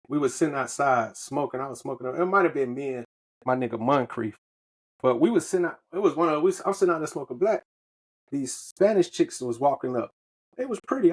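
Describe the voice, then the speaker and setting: Telling a rambling, profanity-laced story in casual slang, this Southern US man is a podcast co-host whose slightly high voice carries a breathy edge.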